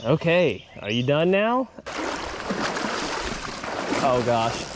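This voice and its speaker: A young man hosting an outdoor fishing vlog by a small creek, excitable and quick to laugh, calling out catches as they happen. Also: medium pitch, very noisy. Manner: excitable, laughs often, says dude. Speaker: fishing channel host.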